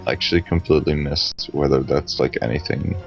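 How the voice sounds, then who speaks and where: A young man with a very deep, gravelly voice trades teasing, profane banter while casting a video game match. Faint game music plays behind him. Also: steady tone, fairly quick. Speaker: esports commentator. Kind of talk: casual game commentary.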